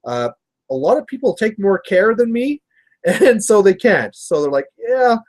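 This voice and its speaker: Here a Canadian man with a high-pitched, sing-song voice runs a miniature painting livestream at normal speed. Between brushstrokes he rambles through stories and chats easily with the people watching.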